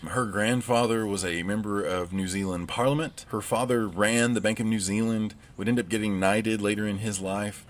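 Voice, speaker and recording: A man with a Southern US accent giving a recorded literature lecture, conversational with wry asides. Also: lowish voice. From United States.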